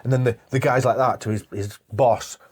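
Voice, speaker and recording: A man's voice: a little fast, crowd noise. A man co-hosting a podcast, telling stories in casual chat and acting out scenes. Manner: animated storyteller, acts out scenes in high voices. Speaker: podcast co-host.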